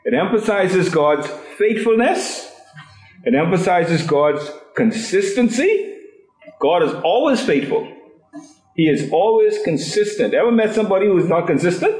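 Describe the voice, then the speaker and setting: A man's voice: sits high, animated, measured pace, a little mellow, reverberant, soft background music, rough recording. A man leading a Bible study class, asking the group questions and often repeating his words.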